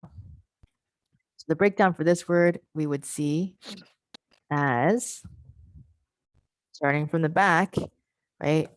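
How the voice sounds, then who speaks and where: A woman presenting an online workshop for English teachers over a video call. She explains step by step and models sounds with slow, drawn-out syllables. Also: low voice, very animated, creaky, no room sound.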